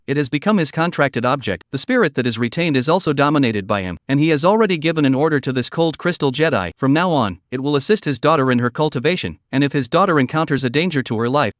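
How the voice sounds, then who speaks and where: A man narrates a comic recap in a steady, even reading voice. His voice sits a little high for a man, recorded dry and close to the mic with no room sound. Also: dry recording.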